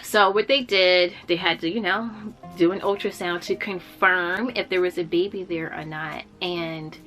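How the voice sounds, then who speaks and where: A woman's voice: lowish voice, fairly even intonation, normal speed, a bit bright, soft background music. A young woman candidly telling a personal story to camera, heartfelt and casual, with many fillers and restarts. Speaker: vlogger sharing a personal story.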